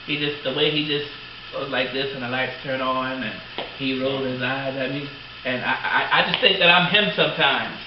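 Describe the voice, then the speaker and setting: A middle-aged man, hosting as a father, chatting in a rambling, excitable way with lots of fillers. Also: mid-range voice, normal speed, distant mic. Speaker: host, father. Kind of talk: casual chat. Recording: very echoey dull room, off-mic, faint noise.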